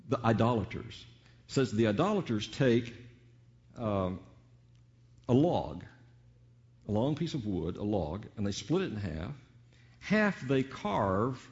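Older male preacher, slow and deliberate, lively pitch, dramatic swings; muffled lo-fi sound. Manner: dramatic preaching, swings from booming peaks to hushed asides, rhetorical questions. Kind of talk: sermon.

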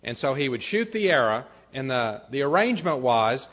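A man preaching a sermon, retelling a story in an earnest way and dropping his voice low and soft for emphasis. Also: very animated, normal speed. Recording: tinny phone-like sound.

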